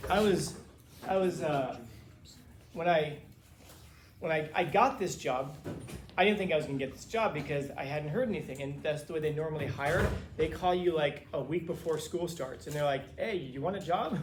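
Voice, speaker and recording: A man from Los Angeles tells his class a story in a loose, lively way, acting out the other people's lines. His voice sits a little high. The classroom is roomy, with a faint hum of ambience behind him. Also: moderate pace. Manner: casual, animated retelling with quoted dialogue. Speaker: teacher. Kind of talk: storytelling to students.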